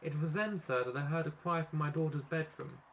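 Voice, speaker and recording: A long-winded male employee, stubborn and apologetic, talking in a raised, slightly higher voice than a plain telling , as a man reads him out. He rambles on with his excuse in a comic storybook reading. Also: fairly even intonation, brisk, vocal fry, slight background noise. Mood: pleading.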